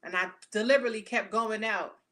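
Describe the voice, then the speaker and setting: A woman giving a casual tarot reading, talking bluntly and profanely with animated storytelling. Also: on the high side, fast talker, background noise. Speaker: tarot reader.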